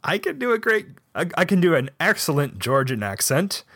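A man's voice: a little high, big pitch swings, fairly quick, sharp tone. A man in casual comedic banter, hesitant and full of fillers. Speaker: game player.

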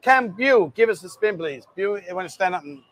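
A man's voice: high-pitched, lively intonation, fairly quick, fairly bright tone. A man, hosting a casual live stream and bantering as he reads out viewer comments. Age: 50s. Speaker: host.

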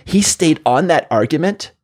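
A man hosting a medical podcast, an emergency physician who chats casually and tells self-deprecating stories from his work with animated energy. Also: on the high side, normal speed. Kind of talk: casual chat, anecdotal storytelling.

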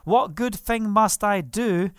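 A man's voice: sits high, slow pace, clean tone, no echo, clean studio sound. A man preaching a sermon, fervent, asking the listeners questions and laughing now and then. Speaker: pastor.

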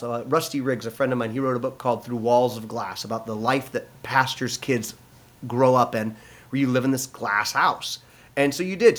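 A man's voice: mid-range voice, fairly bright tone. A middle-aged man from the United States, a pastor, telling his personal testimony in an interview, earnest and full of restarts and fillers.

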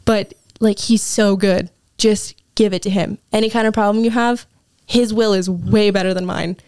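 A woman's voice: mid-range voice, steady tone, normal speed, darkish tone, clear, resonant tone, no room sound, clean studio sound. A young woman, a Bible school student, giving an earnest, emotional personal testimony as an interview guest, often saying "like". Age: young adult. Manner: earnest, emotional, frequent "like" fillers.

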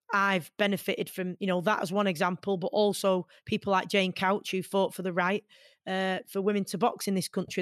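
A woman in her forties with a Mancunian accent, from Manchester, talking as an interview guest in an earnest, animated way. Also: medium pitch, no room sound, studio quality. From Manchester, England. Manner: earnest and animated, many fillers. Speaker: guest, boxer. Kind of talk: conversational interview.

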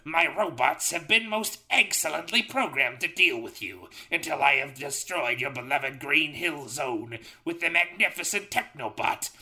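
A man's voice: fairly high pitch, expressive, measured pace, few pauses, sharp tone, pitched above the performer's own voice, full character voice. A man voicing a cackling, gloating mad scientist villain while reading a gamebook aloud. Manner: gloating, theatrical laughing.

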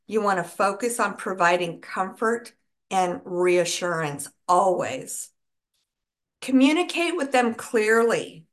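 A woman teaching caregivers in a calm instructional talk, with a repetitive, reassuring coaching manner. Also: mid-range voice. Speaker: dementia care educator.

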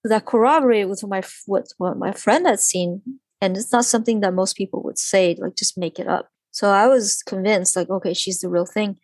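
A woman guest telling a personal story in conversation, animated and full of "like", often acting out what others said. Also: medium pitch, normal speed, dry recording. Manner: animated, acts out quoted voices, lots of "like".

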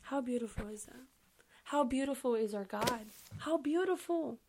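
A young woman hosts a podcast where she reads the Bible aloud and comments on it, animated, emphatic, and chatty, speaking directly to her listeners. Her voice sits high at a normal speed, with slight background noise.

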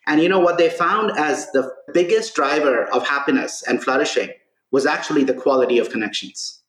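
A man speaking as a podcast guest and author, telling stories in an earnest, animated conversational way. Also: fairly high pitch, a little fast. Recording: roomy echo.

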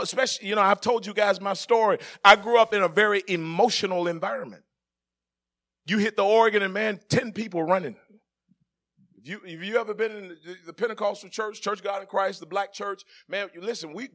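A man preaching with a high voice that is bright and ringing. He drifts from quiet, joking talk with the congregation to loud shouted preaching. He is a middle-aged pastor. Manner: swings from soft conversational asides to shouted preaching; jokes with the congregation, laughing. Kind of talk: sermon.

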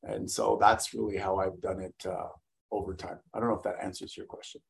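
A middle-aged man from Canada, a guest and event speaker, talking in a blunt, energetic, salesman-like way in a casual interview. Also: sits low, a little fast, gravelly, low-quality recording.

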